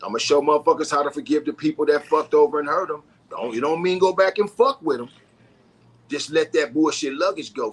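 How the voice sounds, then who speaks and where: A man's voice: on the high side, a little fast, slightly rough. A man talking as a podcast guest, profane, preachy and emphatic. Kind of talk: casual podcast chat.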